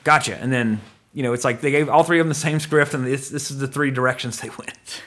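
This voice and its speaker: A man's voice: mid-range voice, fairly even intonation, fast, fairly bright tone. A man hosting a movie podcast, rambling and joking in casual chat, swearing now and then. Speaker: podcast host.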